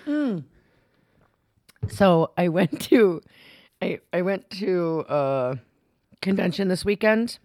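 A woman's voice: lowish voice, lively intonation, takes it slowly, long pauses, a little mellow, no room sound, studio quality. A woman with a Midwestern American accent, co-hosting a podcast in casual chat and rambling through stories. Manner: rambling, chatty storytelling. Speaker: podcast co-host.

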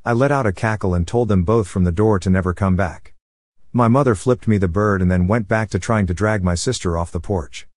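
Low-voiced man narrating a story. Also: brisk, a little mellow, no room sound. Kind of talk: scripted first-person narration.

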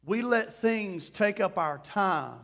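Guy preaching a sermon, fairly high voice, gets fired up and pleading, acts out little quoted bits. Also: animated, takes it slowly. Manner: impassioned preaching, rising to loud pleading prayer. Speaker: pastor.

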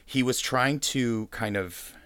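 A man hosting a casual discussion, talking thoughtfully and haltingly, with many pauses and fillers. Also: mid-range voice, fairly bright tone, clean tone, no room sound.

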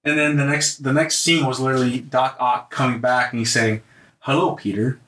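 Excitable man in an echoey room. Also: medium pitch, brisk. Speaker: podcast co-host. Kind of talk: casual chat. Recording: roomy echo.

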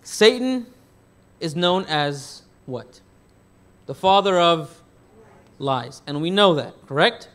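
A man's voice: fairly high pitch, animated, slow pace, pauses often, a bit bright. A man preaching a sermon as pastor. He asks the congregation questions and answers them himself, rephrasing as he goes. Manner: rephrases and restarts mid-thought.

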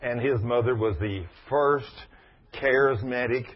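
Folksy preacher, husky lo-fi. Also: male voice, a little slow. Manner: folksy, emphatic, dramatic swings in pitch and volume. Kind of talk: sermon with storytelling. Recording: muffled, husky lo-fi sermon recording.

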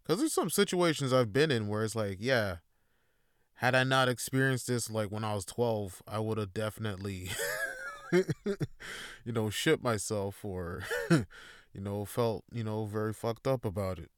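A man's voice: fairly low pitch, expressive, a little slow, clear, resonant tone, no room sound, clean studio sound. A man hosting a solo podcast, talking in a rambling, laid-back way with a lot of swearing. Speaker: podcast host. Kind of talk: casual solo monologue.

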